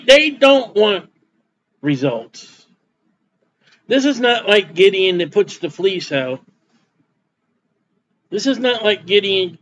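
A man delivers a sermon in a folksy, plainspoken way, doubling back over his words as he reads scripture and explains it. His voice sits fairly high for a man. The recording is slightly dull, with a faint hiss underneath. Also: a bit bright. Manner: folksy preaching with repeated words and Bible reading. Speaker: pastor.

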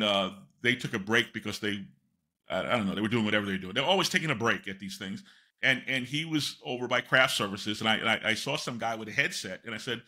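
A man's voice: mid-range voice, bright, forceful tone. An older man, a guest on an interview podcast, telling long rambling anecdotes full of fillers and restarts.

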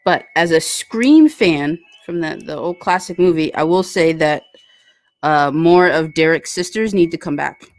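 A woman's voice: low voice, a little slow, no echo. A woman hosting a casual live stream, chatting and rambling with lots of fillers as she reads out viewer comments. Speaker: livestream host reading viewer chat.

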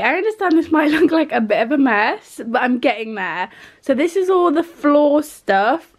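Young British woman vlogger, high-pitched, rambling and chatty, lots of "like". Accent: British English. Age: young adult. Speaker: university student vlogger. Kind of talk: casual vlog chat.

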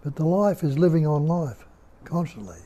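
An older man with an Australian accent, giving a slow, musing spiritual talk at home and putting rhetorical questions to his listeners. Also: a little high, lively intonation, warm tone, muffled recording. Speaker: spiritual teacher. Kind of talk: unhurried nondual teaching talk. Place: indoor room at home.

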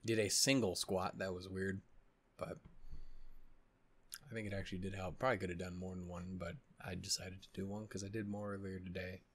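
A husky, low voice with a level tone and slightly fast pace belongs to an anime reaction channel host. Fatigued and yawning, he's upset, cursing and meandering with frequent restarts in casual vlog chat.

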